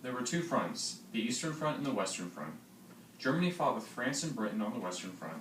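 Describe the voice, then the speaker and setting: A teenage boy reading a school history project in a plain, steady way. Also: mid-range voice, fairly quick. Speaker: student presenter. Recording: roomy, distant mic, faint noise.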